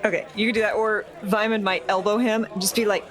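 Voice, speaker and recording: A woman playing a tabletop game who describes her character's actions in a casual, relaxed way. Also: medium pitch, quick pace. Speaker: player.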